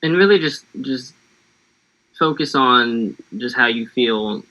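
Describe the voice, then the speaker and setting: An easygoing, giggly American man who gently guides a relaxing warm-up over a video call. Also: mid-range voice, lively intonation, slow pace, low-quality recording. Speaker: guest actor. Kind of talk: casual chat, leading a warm-up.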